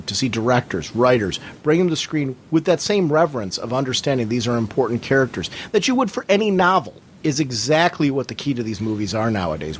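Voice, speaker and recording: Sex: man. Pitch: middle. Role: podcast co-host. Style: casual fan discussion. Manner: earnest and emphatic, speaks at length. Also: a little hiss or hum.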